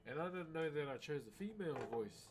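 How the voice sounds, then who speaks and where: A male livestreamer chats casually with viewers while wood carving at his home streaming setup, laid-back and chatty, peppering his talk with "eh?" and "bro". His voice is fairly high, expressive, and fairly quick, with music playing as a bed under it.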